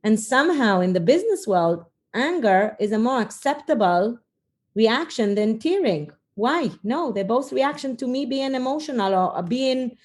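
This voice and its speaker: A woman's voice: a little high, lively intonation, moderate pace, a little mellow. Earnest, reflective middle-aged woman. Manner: reflective, earnest, frequent fillers. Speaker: podcast guest, leadership coach. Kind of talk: conversational interview storytelling.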